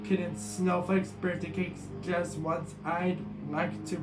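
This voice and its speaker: A man's voice: high-pitched, flat delivery, slow pace. A man voicing a theatrical male vampire who loves counting, speaking in a grand, exclaiming way. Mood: delighted. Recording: echoey room with guitar music.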